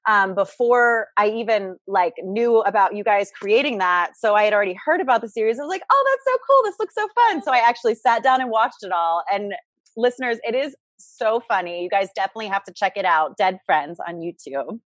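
A woman's voice: mid-range voice, big pitch swings, a little fast, a bit bright, no room sound. A woman co-hosting a podcast over a video call, upbeat and chatty, introducing guests. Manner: upbeat, chatty, leans on fillers. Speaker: co-host. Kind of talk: casual podcast chat.

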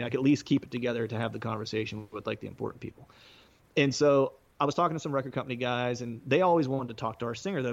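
Musician guest, male, gravelly voice, loose rambling storyteller, dull lo-fi recording. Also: mid-range voice. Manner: rambling, peppered with fillers, laughing often. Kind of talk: casual storytelling.

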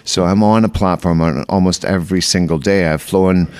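A man's voice: low-pitched, steady tone, moderate pace, a little mellow. A middle-aged man, a veteran hairdresser and stage artist, telling joking stories in a podcast interview. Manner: joking storyteller.

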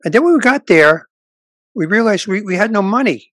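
A high-pitched older comic talks a little fast as he tells stories in a relaxed interview, captured in a dry recording. He's a lively anecdote teller who voices the people he quotes.

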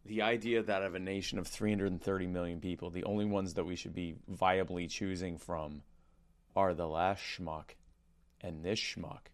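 Podcast co-host, deep low voice, sardonic and emphatic. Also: male voice, steady tone, moderate pace. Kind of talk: casual chat.

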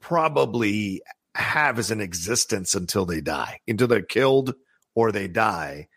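A man in casual podcast talk about mob films, animated and quick to laugh. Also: on the low side, gravelly, slightly rough. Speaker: podcast co-host. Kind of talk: casual film discussion.

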